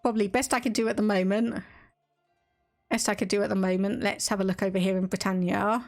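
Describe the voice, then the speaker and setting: A woman's voice: medium pitch, steady tone, a little fast, faint music behind. English woman w/ estuary accent, chatty gameplay stream, reads game text out, laughs a lot. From England. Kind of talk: casual live-stream gameplay commentary.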